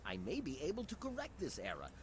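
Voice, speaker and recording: A self-important mad scientist from a video game, with a stereotypically nerdy voice. He speaks in pompous, wordy sentences, his pitch leaping all over the place and sitting a little high. The manner stays prim and fussy throughout. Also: huge pitch swings, fast talker, slight background noise. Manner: pompous, long-winded, prim.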